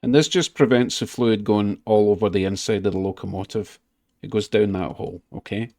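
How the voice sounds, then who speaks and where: A man's voice: fairly low pitch, a little mellow. A man giving a chatty step-by-step repair tutorial at his hobby workbench, with easygoing asides. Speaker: model railway hobbyist.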